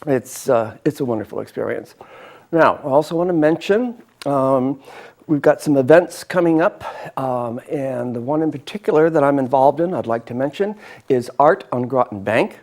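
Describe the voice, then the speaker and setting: A man hosts a homey local cooking show. He talks in a chatty, enthusiastic way while demonstrating a dish, and keeps talking even while chewing. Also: mid-range voice, moderate pace. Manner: chatty, enthusiastic, eats and talks with mouth full.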